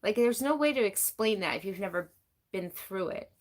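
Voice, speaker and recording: Woman live streamer, mid-pitched, candid and rambling, answers chat as she talks. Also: expressive, normal speed. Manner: candid, rambling, heavy use of "like"; reads and answers chat comments. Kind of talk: casual live-stream talk.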